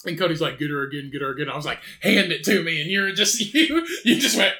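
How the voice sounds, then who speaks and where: Bright-voiced man telling rambling stories. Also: on the high side, very animated, quick pace. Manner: rambling, profane storytelling with laughs. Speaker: podcast co-host. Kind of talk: casual chat.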